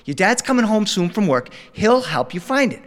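A man doing a gentle calming mom. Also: high-pitched, normal speed, big-room sound, voice pushed up. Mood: soothing. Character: patient soothing mom.

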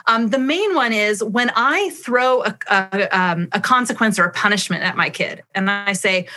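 Woman, middle-aged, interview guest, bright voice, explanatory, acts out dialogue. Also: mid-range voice, moderate pace, hardly any pauses. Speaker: parenting expert guest. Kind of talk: conversational interview answers.

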